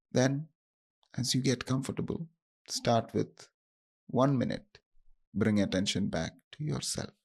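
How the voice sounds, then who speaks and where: A man hosting a podcast, guiding listeners through a self-compassion practice in a slow, gentle, instructive way with pauses. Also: fairly low pitch, creaky. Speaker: podcast host.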